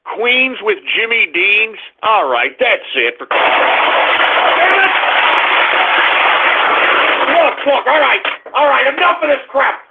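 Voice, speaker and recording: A man hosting a radio show, ranting in exasperation at his chat room, swinging between groans and shouts. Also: extremely high pitch, expressive, measured pace, vocal fry, hardly any pauses, very noisy. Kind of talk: exasperated live call-in banter. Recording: tinny phone-line sound.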